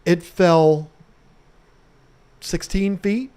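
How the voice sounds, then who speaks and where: A middle-aged man telling a casual story to camera as a home restoration vlogger, animated, swearing casually and mimicking sounds. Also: sits high, very slow, clean tone.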